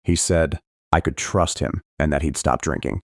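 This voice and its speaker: A man's voice: extremely low pitch, fairly even intonation, normal speed, dry recording. A man narrating a first-person thriller audiobook in a dramatic, emotional reading, close to the mic.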